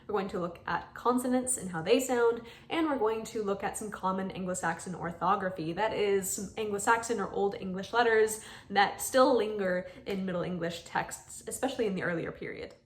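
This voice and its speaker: A young adult woman giving a video language lesson, patiently explaining and repeating sounds slowly so learners can follow. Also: medium pitch. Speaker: language teacher.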